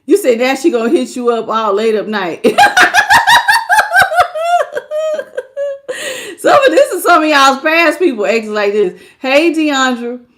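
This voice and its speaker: Animated laughing woman tarot reader. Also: high-pitched, normal speed, hardly any pauses, a little hiss or hum. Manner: animated, laughing, slangy, acts out quotes. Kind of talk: live tarot reading stream.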